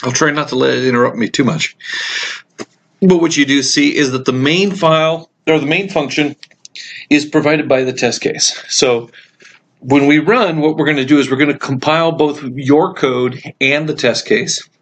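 A man teaching a programming course over a screen recording, explaining code in a relaxed way with frequent ums and uhs, while he has the hiccups. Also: on the high side, moderate pace. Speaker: computer science instructor. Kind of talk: screencast code walkthrough lecture.

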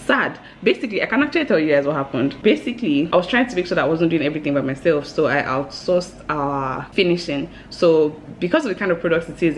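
A woman in her thirties, chatting casually to camera at home in a bubbly, excitable way, laughing often. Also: low-pitched, slight background noise. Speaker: vlogger and new business owner. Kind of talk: casual vlog chat to camera.

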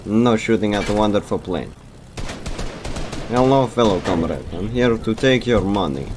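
A man's voice: lowish voice, expressive, moderate pace, noisy background, close to an everyday voice. A man voicing a cheerfully menacing Soviet comrade, with broken grammar and an over-the-top delivery. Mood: mock-menacing.

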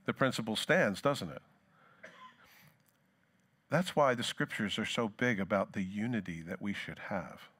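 A man's voice: animated, measured pace, pauses often, husky. Man preaching with dramatic swings. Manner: dramatic scripture reading, rising loud then dropping low; conversational asides to the congregation. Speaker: pastor. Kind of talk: sermon.

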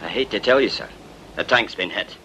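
An actor playing a blunt, swearing army sergeant in an old war film. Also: male voice, on the low side, expressive, a little fast, pushed and bright, slight background noise. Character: gruff Scottish army sergeant. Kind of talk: film dialogue.

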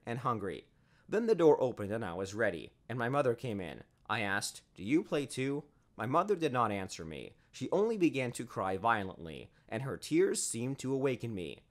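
A man tells a scripted first-person story with a lively, rising and falling delivery. His pitch sits mid-range and moves a lot as he recounts events. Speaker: narrator.

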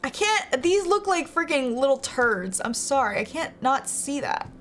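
A young woman streams a game with music playing behind her, chatting with her viewers and giggling often as she plays. Her voice is high-pitched and very animated but unhurried, with slight background noise.

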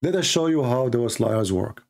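A man's voice: mid-range voice, expressive, moderate pace, creaky, darkish tone. A man giving mocking, polemical commentary as a religious debater, sarcastic and taunting.

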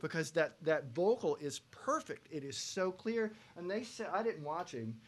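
A man teaching a pop vocal production masterclass to students, lively, breaking into loud sung examples. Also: on the high side, moderate pace. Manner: animated, belts out sung examples.

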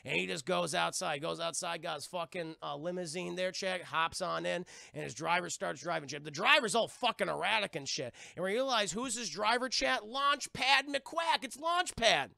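A man's voice: high voice, moderate pace, vocal fry, hardly any pauses, bright, forceful tone, no echo, clean studio sound. A man casually recapping a cartoon on a live stream, rambling, swearing and talking to his chat. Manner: profane, rambling, addresses chat.

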